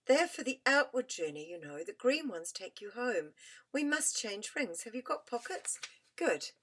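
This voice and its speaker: A woman's voice: on the high side, unhurried, exaggerated voice. A woman voicing a curious, practical young boy who explains things eagerly, in a storybook reading. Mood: explaining. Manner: eager and explanatory, bursts of excitement.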